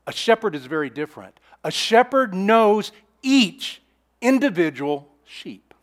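A man preaching a sermon in an earnest, repetitive style, swinging between emphatic declarations and hushed asides. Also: sits high, big pitch swings, a little slow. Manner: repeats phrases and restarts mid-sentence. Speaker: pastor.

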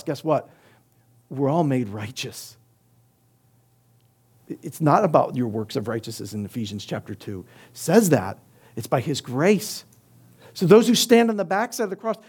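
A middle-aged male pastor preaching a sermon, emphatic, using rhetorical questions and swinging between loud and soft delivery. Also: high-pitched.

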